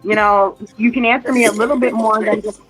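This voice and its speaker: A woman's voice: on the high side, steady tone, fairly quick, a bit bright, soft background music, poor audio. A woman in casual chat, rambling through a family story and quoting what others said, heard over a phone. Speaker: mother chatting with a relative.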